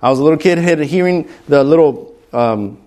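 A male preacher with a somewhat high voice delivers a sermon as an animated storyteller. He slips in and out of character voices as he acts out each scene, then returns to his preaching. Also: fairly quick. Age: adult.

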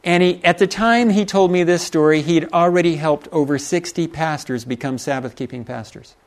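A middle-aged preacher tells stories from the pulpit in a folksy way, chuckling and turning to the congregation with asides. His voice sits somewhat high for a man. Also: normal speed. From Texas. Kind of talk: sermon.

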